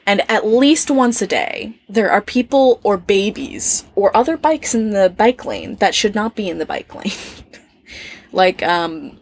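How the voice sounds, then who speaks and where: A woman with an American accent, chatting casually as a podcast co-host in a camping trailer, animated, laughing often and acting out little quotes. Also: medium pitch, dry recording. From United States. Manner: animated and laughing, tells stories with mock quotes. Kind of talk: casual chat.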